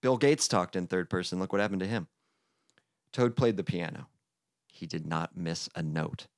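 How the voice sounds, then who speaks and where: A man's voice: low voice, moderate pace, no echo. A man hosting a comedy podcast, reading a crude parody storybook with sardonic, profane asides.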